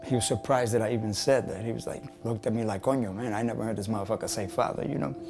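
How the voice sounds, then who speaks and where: A man, a bass player, telling personal stories in a documentary interview, candid and profane, dropping Spanish phrases. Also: fairly even intonation, quick pace, creaky, over loud music.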